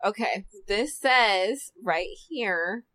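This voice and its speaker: A woman hosting a casual group chat, blunt and quick to laugh. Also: medium pitch, lively intonation, bright, forceful tone. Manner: laughs often, crude and blunt. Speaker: podcast host.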